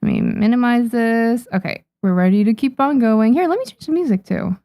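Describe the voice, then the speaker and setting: A woman's voice: fairly high pitch, lively intonation, a little fast, warm tone, dry recording, clean studio sound. A young adult woman, a manga artist, chatting casually on a livestream at her desk microphone, thanking viewers with frequent ums. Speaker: manga artist streaming to chat.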